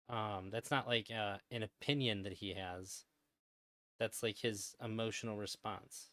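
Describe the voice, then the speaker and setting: A man reviewing a clip on his stream in casual commentary, rambling with many pauses and restarts and laughing often. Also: on the low side, fairly bright tone, no room sound.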